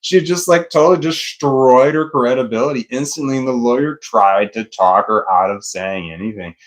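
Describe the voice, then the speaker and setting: A man's voice: medium pitch, moderate pace. Rambling, laughing man telling a story. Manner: rambling, laughing often, swears freely. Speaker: vlogger. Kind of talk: casual storytelling.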